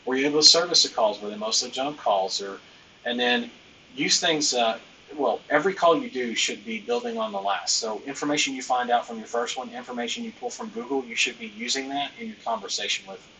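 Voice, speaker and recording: A man's voice: medium pitch, big pitch swings, fairly quick, gravelly, pushed and bright, distant mic, rough recording. A man hosting a business training live stream, talking loosely and emphatically, with lots of fillers and the odd bit of slang.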